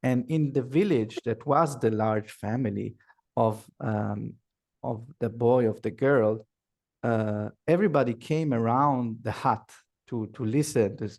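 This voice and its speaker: A man, a workshop facilitator, telling a folk tale slowly over a video call, repeating and searching for words. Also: medium pitch, a little mellow. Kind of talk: oral storytelling.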